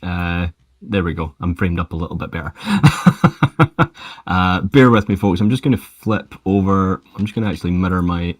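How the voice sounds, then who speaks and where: Lively low-voiced male streamer. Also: moderate pace, no echo. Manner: upbeat, rambling, addresses viewers as folks. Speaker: host of a live portfolio review stream. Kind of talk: casual live-stream chat. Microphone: lavalier mic.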